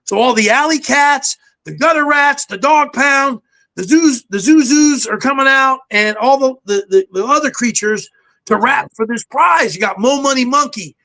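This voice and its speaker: An older man, a podcast guest, telling stories in a brisk, self-assured way. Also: extremely high pitch, pushed and bright. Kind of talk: casual podcast chat. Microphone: home setup with a backdrop.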